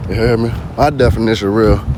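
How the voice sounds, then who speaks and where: A man's voice: fairly low pitch, steady tone, fast talker, background noise. A man vlogging in a casual spoken monologue, slangy and constantly asking "you hear me".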